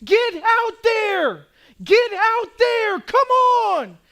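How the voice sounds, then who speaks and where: A man's voice: very high-pitched, big pitch swings, extremely slow, bright, forceful tone, voice pushed up, exaggerated voice. A man acting out an army officer who bellows desperate orders at his pinned-down men. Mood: urgent. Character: battle-hardened male army officer shouting orders under fire.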